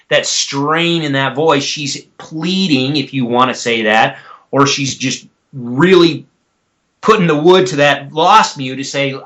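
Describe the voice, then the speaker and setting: Bright-voiced man explaining methodically. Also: medium pitch, takes it slowly. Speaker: guest expert on elk calls. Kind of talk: explanatory interview talk.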